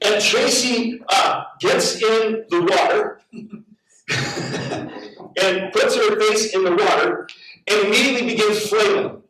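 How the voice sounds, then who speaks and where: A middle-aged man preaches, animated and story-driven, stumbling over repeated words as he builds up. His voice sits fairly high for a man. It comes from well off the microphone in a very echoey church hall. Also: slow pace, pauses often, distant mic. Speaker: pastor. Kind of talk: sermon with storytelling. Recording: very echoey hall, heard from afar.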